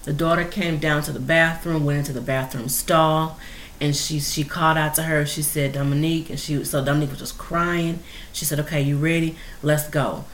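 A woman hosting a podcast, telling a story in a casual, emotional, animated way. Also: deep voice, normal speed, roomy sound, slight background noise. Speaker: podcast host.

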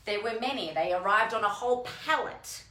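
A woman's voice: mid-range voice, fairly quick, pushed and bright, slight background noise. A woman hosting a chatty video, gushing and exclaiming as she unboxes her new book. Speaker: host and author. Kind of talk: excited unboxing chat. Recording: echoey room.

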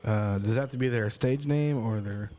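A man's voice: lowish voice, normal speed, warm tone. A man making dry, wisecracking remarks in casual chat with friends.

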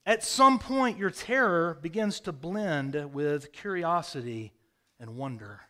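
A male pastor preaching in a storytelling style, his voice sitting a little higher than most men's. He swings from loud, emphatic bursts down to quiet, drawn-in phrases. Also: lively intonation, slow. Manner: storytelling, dramatic swings in loudness. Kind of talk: sermon. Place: rural home with a hayfield.

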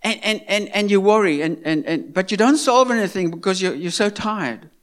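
A man's voice: high voice, lively intonation, normal speed. A man delivers a sermon. He speaks earnestly, circles back to repeat his points, and throws rhetorical questions at his listeners. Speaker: preacher.

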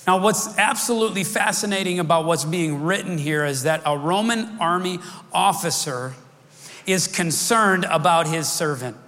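A man's voice: fairly high pitch, normal speed, fairly bright tone. A middle-aged man preaching a sermon as pastor, speaking conversationally, wandering off track and restarting his sentences. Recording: long reverb of a large hall.

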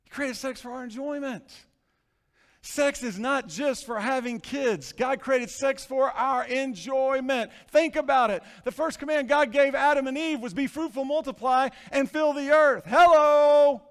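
Male pastor, high voice, animated sermon delivery, reverberant church hall. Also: a little slow. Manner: animated preaching, swinging from hushed to shouting. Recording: long reverb of a large hall.

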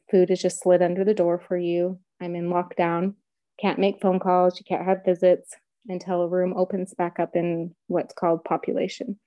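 Middle-aged woman, interview guest, earnest and emotional, mellow low voice, dry close sound. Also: dry recording. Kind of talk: personal testimony in a podcast interview.

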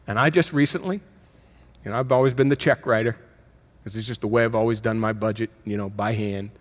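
A middle-aged man, a pastor, preaching a sermon in a conversational way, with emphatic rises and quick self-corrections. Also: fairly low pitch, steady tone.

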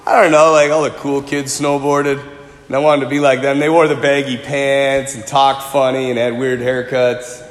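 A man in his forties preaching a sermon, animated and conversational, telling personal stories. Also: medium pitch, normal speed. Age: 40s. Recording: echoey hall.

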